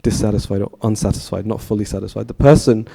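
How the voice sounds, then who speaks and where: Speaking on the low side, fast and creaky, this man's dark, slightly rough voice carries a storytelling sermon at a temple. He's in his thirties, conversational, and asks the audience questions.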